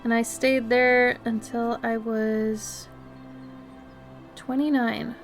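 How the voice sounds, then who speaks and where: Slow, chatty woman from Minnesota. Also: fairly high pitch, level tone, soft background music. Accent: slight Minnesotan. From Minnesota, USA. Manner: chatty, reads and answers chat, gushes and giggles. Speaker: art streamer. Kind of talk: casual live-stream chat.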